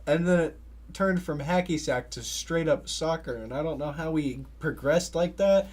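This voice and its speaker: A man's voice: a little high, normal speed, a little mellow. A young adult man hosting a podcast, telling rambling stories in casual livestream chat and laughing often. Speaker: podcast host.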